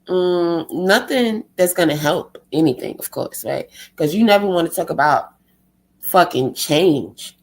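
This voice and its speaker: A woman's voice: fairly low pitch, expressive, measured pace. Profane, heated woman ranting on stream. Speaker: live-stream host.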